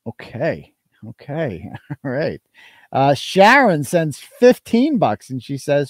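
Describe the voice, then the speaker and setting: Male live-stream host, casual and crude, animated pitch, dry sound. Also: measured pace, no room sound. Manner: loose, joking, crude asides. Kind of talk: casual live-stream chat reading donations.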